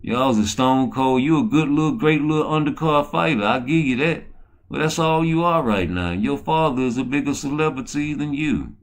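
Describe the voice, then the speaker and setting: A man's voice: mid-range voice, expressive, normal speed. A man hosting a boxing commentary rant, rambling and peppering his talk with "you know" and "man". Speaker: host.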